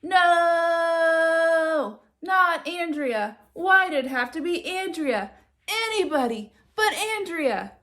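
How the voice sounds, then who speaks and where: A woman voicing a cheeky, excitable young schoolboy, with bouncy, exaggerated storybook delivery. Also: very high-pitched, slow pace, voice pushed up, full character voice. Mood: dismayed.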